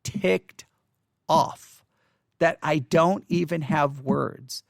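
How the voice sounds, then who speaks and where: A man's voice: on the high side, very slow, gravelly, no room sound, studio quality. A man who teaches the Bible, talking to camera in a frustrated, repetitive rant. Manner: frustrated, ranting, repeats himself. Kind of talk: unscripted video monologue.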